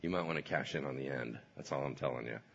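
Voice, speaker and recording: A sly male serpent tempter, put on by a preacher, coaxing and insinuating in a soft, husky voice. The sound is dull and lo-fi. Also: fairly high pitch, huge pitch swings, moderate pace, voice pushed up, full character voice.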